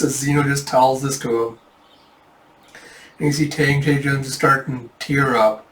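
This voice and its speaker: A man's voice: mid-range voice, steady tone, moderate pace, pauses often, a little hiss or hum. A man casually reading through a manga, often putting "it's like" before the lines he quotes. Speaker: manga reader. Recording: roomy, distant mic.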